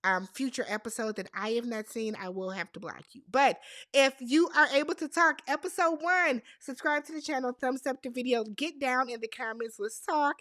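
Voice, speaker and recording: A high-pitched woman recaps a reality show in a sassy, animated voice and leans on emphatic repetition. Her voice sounds dry and close, with no room echo. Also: moderate pace. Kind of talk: casual recap commentary.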